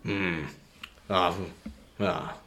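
A man's voice: low voice, little pitch movement, extremely slow, over music, voice pushed down. A man voicing a vague, doddering old male chairman who mumbles and hums. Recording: echoey room, faint noise.

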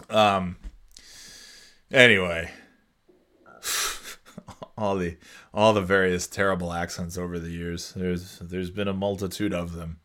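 Alone at the mic, a podcast host in his 40s talks in a deep, level, sharp-edged voice, going slowly and pausing often. The casual chat wanders, turns sarcastic, and drifts into goofy voices.

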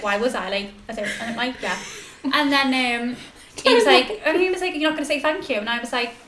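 A young woman with a high, bright-sounding voice tells stories in a casual chat, laughing as she goes. The sound is roomy and echoey, with clear noise behind her. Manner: animated storytelling, laughs often. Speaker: podcast guest.

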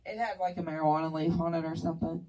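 Wry woman co-host, slightly low voice, a bit off-mic. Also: steady tone, fast, darkish tone, distant mic, rough recording. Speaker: podcast co-host. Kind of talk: casual chat.

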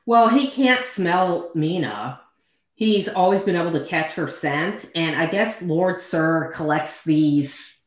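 A woman recapping a novel in a casual book chat, expressive and acting out the characters' lines. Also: low voice. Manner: expressive, acts out quoted lines. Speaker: book podcast co-host. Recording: very echoey room.

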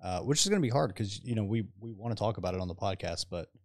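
A man's voice: fairly low pitch, lively intonation, fast, no echo, studio quality. A young man co-hosting a casual podcast, laid-back with short replies and casual swearing. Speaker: podcast co-host. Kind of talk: casual chat.

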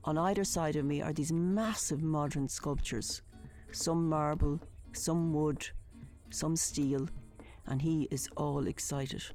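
A woman's voice: deep voice, steady tone, slow pace, darkish tone, soft background music. A woman telling a vivid personal story in a conversational, colourful way.

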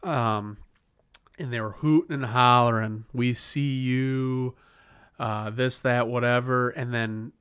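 Podcast co-host, man in his 30s, lively storyteller with a middle pitch, dry close studio sound. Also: a little slow, smooth, dry recording. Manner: animated storyteller, laughs and swears often. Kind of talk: casual storytelling chat.

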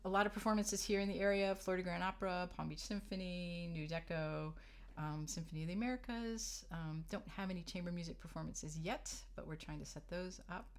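A woman's voice: on the low side, fairly even intonation, a little fast. A middle-aged woman, a harpist guest, telling stories in a casual interview, chatty and laughing often as she quotes others.

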